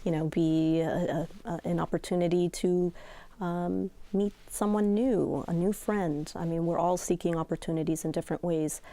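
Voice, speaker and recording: A woman with a low, mellow voice talks as a guest in a community interview. She is earnest and pauses often with little fillers as she explains. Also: steady tone, no room sound. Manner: earnest, hesitant with many fillers. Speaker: nonprofit executive director. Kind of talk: casual interview chat.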